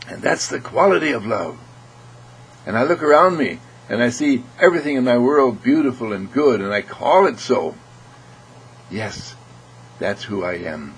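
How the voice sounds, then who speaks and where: A man giving an earnest inspirational spiritual talk, repeating phrases and often clearing his throat. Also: mid-range voice, expressive, moderate pace, low-quality recording. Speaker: spiritual speaker.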